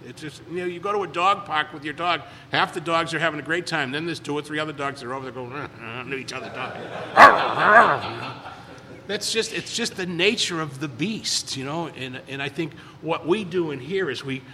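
A man's voice: on the high side, moderate pace, sharp tone, in a large hall, a little hiss or hum. A man in recovery telling stories at a meeting, rambling and repeating words as he acts out quotes in a casual way. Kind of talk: casual storytelling talk.

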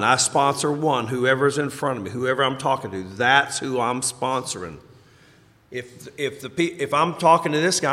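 A man's voice: mid-range voice, bright, forceful tone. A man talking casually as a sponsor, emphatic and repeating his main points. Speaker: recovery sponsor. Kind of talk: casual chat. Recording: echoey hall.

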